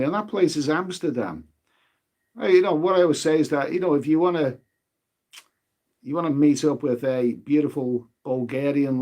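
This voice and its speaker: A man's voice: medium pitch, a little mellow. A man hosting a travel live stream in a casual, rambling way, repeating his words and leaning on fillers. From United Kingdom.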